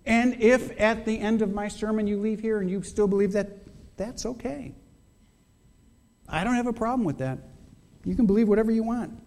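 Pastor, male, fairly high voice, measured emphatic sermon delivery, hall reverb. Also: a little mellow. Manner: measured preaching, emphatic with rhetorical questions.

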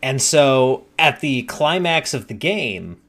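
Slow-talking man telling game stories. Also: medium pitch, sing-song, a bit bright. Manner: slow, deliberate storytelling. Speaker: podcast host and game master. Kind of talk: casual chat.

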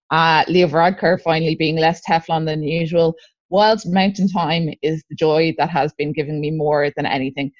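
A woman with an Irish accent, a guest activist on a casual podcast, ranting in an animated, sardonic way. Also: deep voice, no echo. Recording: dull lo-fi sound.

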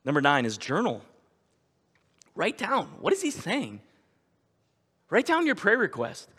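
A man's voice: high-pitched, huge pitch swings, unhurried, bright, forceful tone, slightly rough. A male pastor preaching a sermon in a conversational storytelling manner, with emphatic repetition. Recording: echoey church hall.

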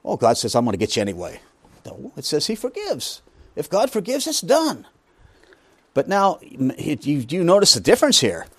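Animated preacher man with lively pitch. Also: normal speed, breathy edge, no room sound. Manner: emphatic, with rhetorical questions and joking asides. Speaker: pastor teaching a Bible study. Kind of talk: sermon.

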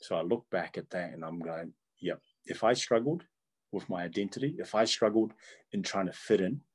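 A man's voice: low-pitched, normal speed, breathy edge. A middle-aged man from Tonga, telling his life story in an earnest, reflective way and often chuckling as he remembers. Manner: earnest, animated, chuckles often while recalling.

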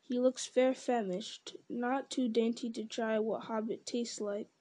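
A stubborn, wary manservant, voiced by a woman reading aloud, muttering darkly to himself. The voice is a bit high but mellow. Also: fairly even intonation, measured pace. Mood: suspicious.

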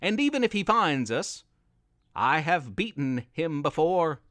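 A man voicing a sinister cave monster who talks in a slow, drawn-out, menacing way. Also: on the high side, big pitch swings, fairly bright tone, no room sound, studio quality.

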